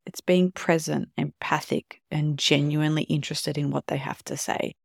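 Podcast host talking relationships, calm, bit of vocal fry, dry close sound. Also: medium pitch, normal speed, dry recording. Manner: calm explanatory, acts out short quoted examples. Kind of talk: solo podcast talk on relationships.

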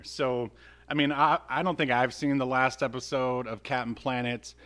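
This podcast co-host talks about a cartoon in a relaxed way, working through his thoughts out loud and leaning on lots of filler words. He keeps a steady tone at a medium pitch, with a moderate pace and a fairly bright sound.

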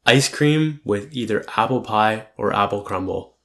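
A man's voice: on the low side, animated, normal speed, vocal fry, pushed and bright. A young man talking casually to camera in a rambling, profane and upbeat reflective monologue. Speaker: vlogger.

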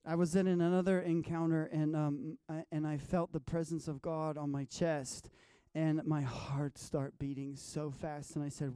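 A man, a guest minister, telling stories of his dreams and visions, swinging between hushed tones and loud bursts. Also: fairly high pitch, level tone, measured pace, hardly any pauses, clear, resonant tone, dry recording, studio quality. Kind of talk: storytelling about dreams and visions.

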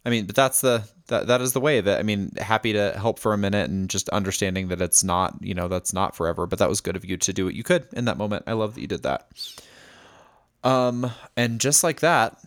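A man's voice: lowish voice, a little fast, no echo, clean studio sound. A male podcast co-host in casual chat, reading a friend's journal aloud with playful, heartfelt asides. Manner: warm, playful, getting emotional.

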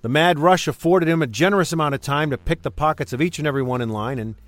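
A man's voice: a little high, quick pace, fairly bright tone, natural voice. A man playing a pedantic horror snob in a comedic audio drama, dry and lecturing. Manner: dry, lecturing, wordy delivery.

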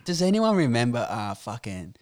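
A man's voice: mid-range voice, very animated, moderate pace, a little mellow. A young man with an Australian accent chips in casually. His remarks are offhand and full of swearing. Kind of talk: casual chat.

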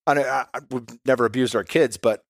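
A man's voice: medium pitch, fairly even intonation, a little fast, dry recording, studio quality. A man in his thirties, a podcast guest and father, talking in a candid, reflective way and swearing casually.

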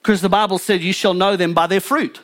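High-voiced fervent male preacher. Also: steady tone, a little fast, a bit bright. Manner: fervent, emphatic preaching with rising and falling intensity. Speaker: pastor. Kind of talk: sermon.

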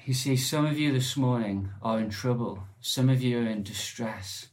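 A man's voice: medium pitch, moderate pace. A man preaching a sermon in church, earnest and conversational, with occasional restarts. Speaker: lay preacher.

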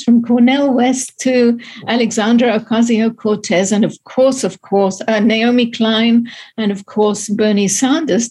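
A woman's voice: on the high side, a little mellow, breathy edge. A woman reviewing a film on a radio show in a wry, amused, chatty way. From abroad, two countries outside America. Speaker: film critic. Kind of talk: casual radio chat.

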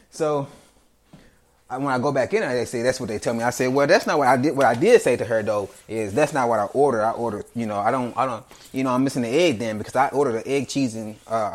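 A man, hosting a podcast and ranting in a casual story about bad restaurant service, acting out each side of the exchange in quoted voices. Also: mid-range voice. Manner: animated, acts out both sides of the exchange in quoted voices. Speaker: podcast host.

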